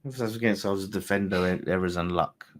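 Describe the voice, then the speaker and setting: Here a man runs a live fan watchalong of a football match for his channel, speaking low-pitched and fast. He addresses viewers with plenty of excitement, dropping swear words freely and bantering as the game unfolds.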